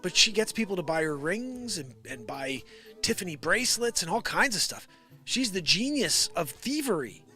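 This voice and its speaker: A man's voice: big pitch swings, normal speed. A man hosting a daily comedy livestream, rambling and riffing on the news and greeting viewers by name. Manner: rambling, riffing, puts on squeaky voices for quoted people. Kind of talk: improvised comedy livestream chat. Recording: music playing loudly behind. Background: music.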